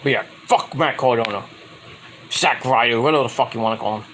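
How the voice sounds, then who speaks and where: A man's voice: medium pitch, a little fast, fairly bright tone, a little hiss or hum, low-quality recording. A man ranting in a casual, rambling, profane style as a wrestling vlogger.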